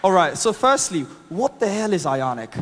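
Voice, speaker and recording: A man with an accent speaks on a conference stage in a casual, upbeat way, dropping fillers and chuckling at his own asides. His voice sits a little high. It carries a long reverb from the large hall. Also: big pitch swings, moderate pace, some chatter behind. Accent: non-native English accent. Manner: upbeat, chatty, laughs at own jokes, many fillers. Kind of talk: live tech talk with demo.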